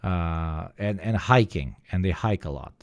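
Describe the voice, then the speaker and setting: A man's voice: low-pitched, lively intonation, measured pace, muffled recording, a little hiss or hum. A man hosting a live stream, chatting casually and joking with his chat. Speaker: streamer host.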